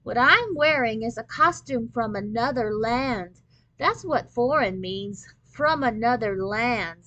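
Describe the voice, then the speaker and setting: A bright, sing-song young substitute teacher, put on by a woman reading a storybook aloud. She speaks slowly and carefully, lifting her voice high and a little louder as if talking to small children. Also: expressive, muffled recording, exaggerated voice. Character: young cheerful female substitute teacher, gentle.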